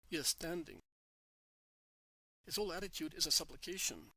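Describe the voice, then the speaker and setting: A man narrating a devotional text in an earnest, measured manner. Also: on the high side, expressive, sharp tone, breathy edge, no room sound. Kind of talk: scripted devotional reading.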